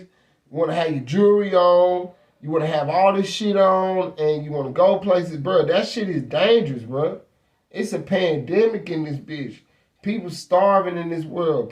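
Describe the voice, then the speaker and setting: A male show host ranting in a casual, profane style, blunt and rambling with heavy slang, and saying he is high.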